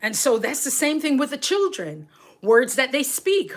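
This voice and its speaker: A middle-aged woman with a Caribbean accent, a nurse and coach, chats casually with her livestream viewers while riding an exercise bike. Her high voice is very animated at a moderate pace, and she laughs often.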